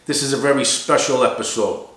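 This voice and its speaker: A man with a Boston accent hosts a casual interview, talking in an animated, chatty way. His voice sits in a middle register. The room around him is echoey, as in a small barber shop. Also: medium pitch, a little fast. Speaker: host.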